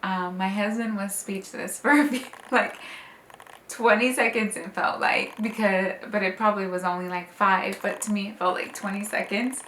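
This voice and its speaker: A young woman speaks in a casual, emotional way, full of "like" and "um," as a new mother sharing her story. Her voice sits at a middle pitch. The room adds a light echo over a faint background hum. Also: fairly even intonation, moderate pace, a bit bright. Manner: emotional, tender, many "like" and "um" fillers. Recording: slightly roomy with faint ambience.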